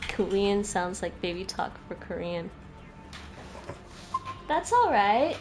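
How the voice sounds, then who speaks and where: A woman with a Midwestern American accent chats casually with her stream while gaming, musing aloud and answering chat. Her medium-pitched, darkish voice is very animated but slow, over a noisy background hum.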